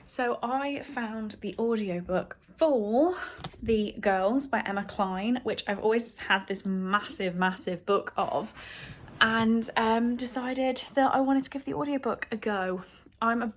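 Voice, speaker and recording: A woman's voice: a little high, slow pace, a little hiss or hum. A woman vlogging casually about her books and her week at home, chatty and rambling, with fillers. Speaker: book vlogger. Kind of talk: casual chat.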